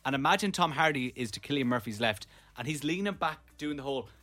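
Man, radio host, playful storytelling, mid pitch. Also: animated, fast, bright, forceful tone, no room sound. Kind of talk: casual radio chat.

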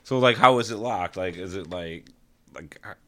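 A man's voice: low voice, moderate pace, pushed and bright. A man playing a tabletop role-playing game, talking casually and rambling with lots of fillers. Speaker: player. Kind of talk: tabletop role-play chat.

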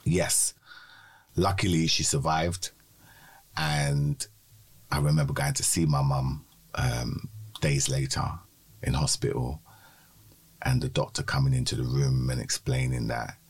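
Deep-voiced to a striking degree, with husky breathiness, a London man co-hosting a podcast offers personal testimony, telling his story in an even, measured way.

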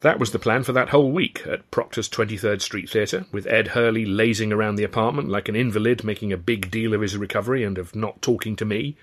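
A man reading his own novel aloud in a measured, wry first-person narration. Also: lowish voice. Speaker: author and reader.

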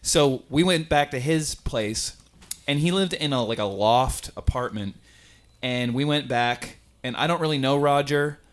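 A man hosting a comedy podcast, telling a relaxed story and laughing along. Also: mid-range voice, unhurried. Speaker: podcast host. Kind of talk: casual podcast chat.

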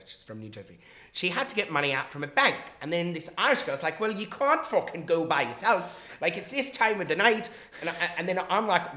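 A man telling a long personal story in casual chat on a podcast. He is animated and swears freely, and he acts out the quotes in his story. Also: mid-range voice, echoey room.

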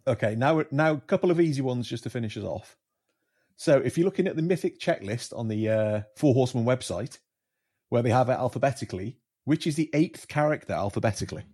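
A man's voice: medium pitch, lively intonation, fast, a little mellow, husky. A man hosting a podcast, running a quiz for his guests with teasing, joking banter. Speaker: podcast host.

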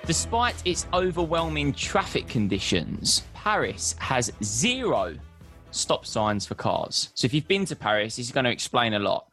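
A man hosting a casual podcast, telling stories in an animated way. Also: medium pitch, moderate pace, faint music behind. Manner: animated, storytelling. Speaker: podcast host.

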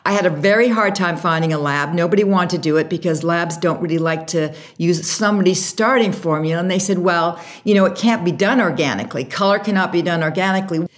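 A woman being interviewed about starting her makeup brand, telling the story with lively, acted-out quotes. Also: on the low side, fast, hardly any pauses. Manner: animated storyteller, acts out quotes. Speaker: guest, makeup artist and brand founder.

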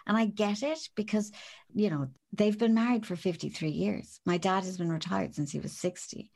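A woman with an Irish accent, casually chatting as a podcast co-host and telling an animated story. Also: mid-range voice, moderate pace, vocal fry. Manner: animated storytelling, acts out quotes. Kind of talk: casual chat.

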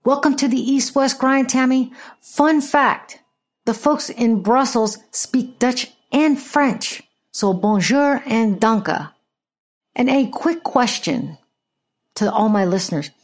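A woman's voice: a little high, slow. A woman hosting a podcast, giving casual, sarcastic political commentary with frequent swearing. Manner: sarcastic, profane, animated. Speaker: podcast host.

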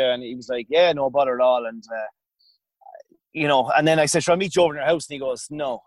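A man's voice: fairly high pitch, fast talker, no room sound. Chatty Irish man, dry close sound. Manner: rambling, self-interrupting, colloquial. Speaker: podcast guest, former hurler. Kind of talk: casual storytelling.

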